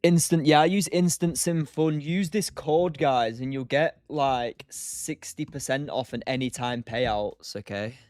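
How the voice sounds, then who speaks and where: A man's voice: mid-range voice, a little slow, few pauses, darkish tone, no echo, clean studio sound. Chatty young man hosting a trading stream. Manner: chatty, reads and answers chat by name, laughs often. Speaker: livestream day trader host. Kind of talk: casual live-stream chat.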